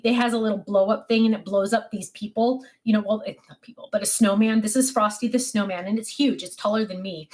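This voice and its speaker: Chatty grandmother, slightly high voice. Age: older. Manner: chatty storytelling, many fillers and restarts. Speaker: craft vlogger. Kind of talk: casual chat.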